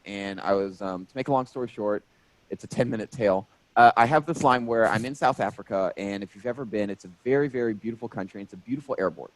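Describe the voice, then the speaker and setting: A man in his thirties tells stories from his stand-up life, jokey and animated. His voice sits mid-range, and the sound is dry, close and free of room echo. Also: mid-range voice. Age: 30s. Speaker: stand-up comedian guest. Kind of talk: casual interview storytelling.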